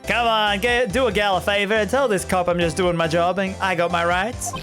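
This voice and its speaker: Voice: medium pitch, steady tone, a little fast, a bit bright, close to an everyday voice. A streamer doing a brash southern-drawled reporter gal. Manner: pushy, boastful. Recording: game music playing behind.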